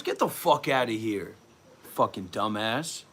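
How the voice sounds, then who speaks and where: A man's voice: mid-range voice, expressive, measured pace, fairly bright tone. A man ranting profanely as a mock guru on a comedic livestream, scolding and threatening viewers.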